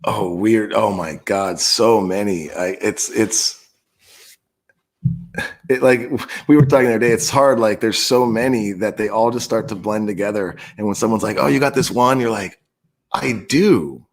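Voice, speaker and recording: A man's voice: lowish voice, normal speed, gravelly. Easygoing man, a touring musician. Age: 30s. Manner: easygoing, laughs while telling stories. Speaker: guest musician. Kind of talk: casual chat.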